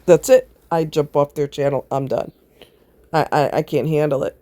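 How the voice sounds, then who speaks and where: A woman's voice: low-pitched, fairly even intonation, moderate pace, warm tone, no echo. A woman chatting casually to camera, rambling from one aside to the next and often laughing. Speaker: vlogger. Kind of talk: casual chat.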